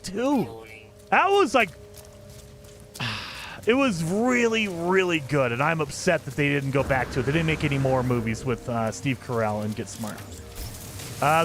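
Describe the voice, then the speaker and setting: A man's voice: high voice, fairly bright tone. A man streaming a video game, chatting casually and rambling with enthusiasm, often laughing at himself. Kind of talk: casual chat while gaming.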